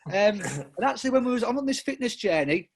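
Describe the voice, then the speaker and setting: High-voiced man telling rambling stories. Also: very animated, quick pace, vocal fry, noisy background. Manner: rambling, self-interrupting with many restarts and fillers; jokey and laughs often. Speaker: podcast guest. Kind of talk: casual storytelling interview.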